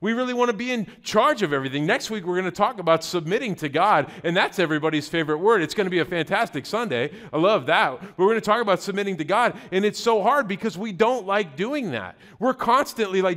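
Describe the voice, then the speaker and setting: Man, pastor, middle-aged, high voice, sermon, chatty, joking, repeats himself. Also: expressive, quick pace, few pauses, fairly bright tone. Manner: conversational, joking, repeats words while thinking.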